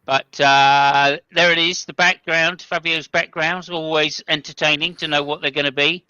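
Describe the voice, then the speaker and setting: A man's voice: a little high, level tone, moderate pace, sharp tone, clear, resonant tone, no echo, lo-fi sound. A man hosting a casual comedic racing commentary podcast, rambling and joking with playful stutters. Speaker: podcast host.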